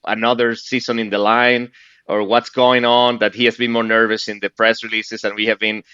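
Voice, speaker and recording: Low bright-voiced male host, hesitant. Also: level tone, normal speed, clean tone, no room sound. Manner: hesitant, many "uh" fillers. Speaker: podcast host. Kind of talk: interview questions. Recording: dry, slightly dull sound.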